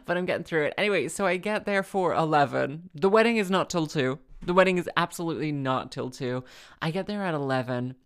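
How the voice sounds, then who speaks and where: Tired, rambling low-voiced woman. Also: lively intonation, a little fast, clean tone. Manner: rambling, self-deprecating, restarts phrases. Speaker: podcast host. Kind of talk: casual solo chat.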